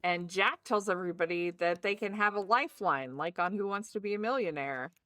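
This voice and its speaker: A woman co-hosting a book club podcast, walking through the plot in an easygoing, conversational way. Her voice sits a little low for a woman. The recording is dry and close. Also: a little fast, fairly bright tone, no echo. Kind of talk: casual book discussion.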